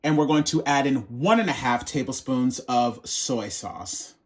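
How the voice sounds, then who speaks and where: Cooking host, male, mid-pitched, playful and sassy, chatty tutorial delivery. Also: measured pace. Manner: sassy, playful, calls viewers baby and honey.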